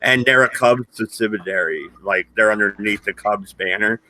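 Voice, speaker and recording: A man hosting casual podcast banter over a call, defensive and swearing often, with halting restarts. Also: on the low side, bright, forceful tone. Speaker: podcast host. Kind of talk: casual banter among friends.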